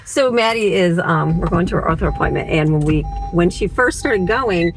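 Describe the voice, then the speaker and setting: A woman vlogging about her family in a casual chat, chatty and quick to laugh. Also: lowish voice, animated, rough recording. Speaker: vlogger, homeschooling mom. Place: home, then a car. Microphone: camera set on the dashboard.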